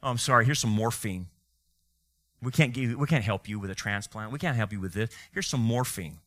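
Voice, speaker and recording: A man putting on the voice of a condescending male official, coaxing and dismissive, pitched lower than his usual preaching voice. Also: a little fast, a bit bright, close to an everyday voice. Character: smooth, condescending male official rationing care.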